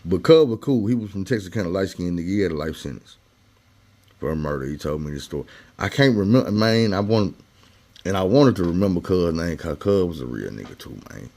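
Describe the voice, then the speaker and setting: Brisk and animated, a man with a fairly low, darkish voice recounts a personal story in loose, slangy talk. He keeps a chatty tone and takes on the voices of the people he quotes.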